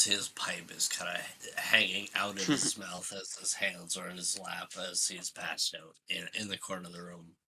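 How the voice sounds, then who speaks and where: A man's voice: deep voice, level tone, normal speed, few pauses, bright, forceful tone, poor audio. A man running a tabletop game as game master, describing scenes hesitantly, with many fillers.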